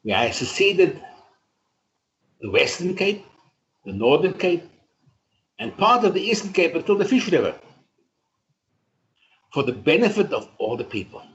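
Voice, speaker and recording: A middle-aged South African man telling stories in an interview, speaking in a measured, declarative, speech-like cadence. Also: high voice, sing-song, fairly bright tone. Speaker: interview guest, community leader. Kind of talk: storytelling interview. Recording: dull lo-fi recording.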